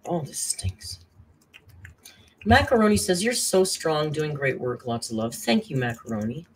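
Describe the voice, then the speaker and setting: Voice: mid-range voice, big pitch swings, moderate pace, slight background noise. Brief: worn-out, chatty live-stream host; casual chat, thanks viewers, reads messages aloud. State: tired, worn down by caregiving.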